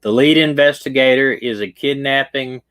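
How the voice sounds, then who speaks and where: On a low-quality recording, a Southern-accented man speaks at a moderate pace in a medium-pitched, slightly bright, smooth voice. He's a retired detective hosting a livestream, rambling casually through a case while restarting sentences and tripping over words.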